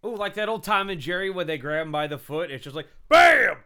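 A man's voice: a little high, fast, fairly bright tone, clear, resonant tone. A man co-hosting a podcast, tossing in crude jokes and goofy interjections. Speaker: podcast co-host. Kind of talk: casual joking banter.

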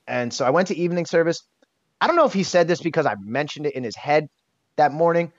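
A man's voice: on the high side, very animated, fast talker, no echo. Emotional man, candid and blunt. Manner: emotional, blunt, swears casually, many restarts. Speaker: podcast guest. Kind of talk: candid personal storytelling. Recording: dull lo-fi dry sound.

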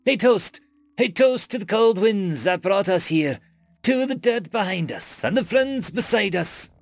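A man voicing a defiant human spacefarer who raises a toast in a loud, declaiming voice. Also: high voice, expressive, a little slow, creaky, no room sound, faint music behind, pitched above the performer's own voice, exaggerated voice. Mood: rousing.

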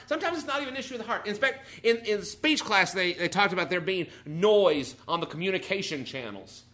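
Animated man preaching in echoey hall. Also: high voice. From Texas or Arkansas, USA. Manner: animated, conversational, rising and falling in volume. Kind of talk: sermon. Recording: echoey room.

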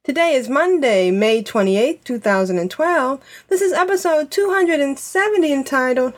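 A woman hosting a casual gaming podcast, upbeat and quick to laugh. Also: sits high, expressive, low-quality recording. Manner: giggly, upbeat, playful. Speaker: podcast host. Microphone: online call.

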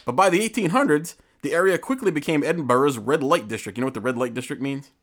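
A man's voice: on the high side, fast talker, a bit bright. A man co-hosting a casual podcast, telling stories in a jokey way and reading from notes. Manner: jokey storytelling, reads from notes. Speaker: podcast co-host.

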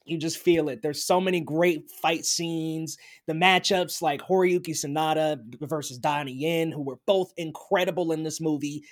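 A man co-hosting a casual film review chat, talking enthusiastically and emphatically. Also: fairly high pitch. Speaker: podcast co-host.

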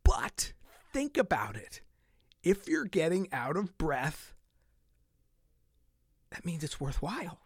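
A middle-aged man hosting a fitness podcast in a casual monologue, animated, laughing often and dropping into soft asides. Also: on the high side, slow pace, pauses often, husky, no echo, clean studio sound.

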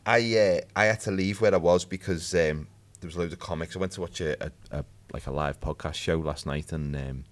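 Deep-voiced jokey man. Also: fairly quick, few pauses. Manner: chatty, jokey, self-deprecating. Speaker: podcast co-host. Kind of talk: casual chat.

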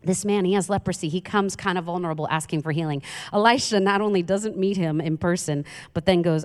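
A woman preaching a sermon, retelling a Bible story in a conversational, animated way with casual asides. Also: fairly low pitch, brisk, hardly any pauses. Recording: long hall reverb.

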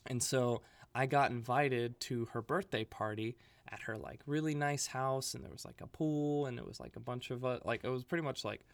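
A man co-hosting a podcast, telling a story in a casual, animated way with lots of "like" fillers. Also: medium pitch, moderate pace, few pauses, no room sound. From Libya. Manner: filler-heavy, animated, laughing while telling stories. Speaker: podcast co-host.

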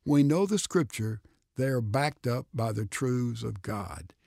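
A man with a gravelly, fry-tinged voice answers a question on a radio program, explaining steadily. The studio sound is dry and close. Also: medium pitch, lively intonation, unhurried, darkish tone, no echo. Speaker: pastor and radio guest.

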